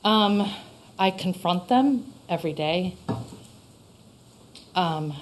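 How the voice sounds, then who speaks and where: A woman's voice: lowish voice, lively intonation, slow, low-quality recording. A woman from Vermont, a local shop owner, giving an earnest, emotional public comment into a microphone in a town meeting room.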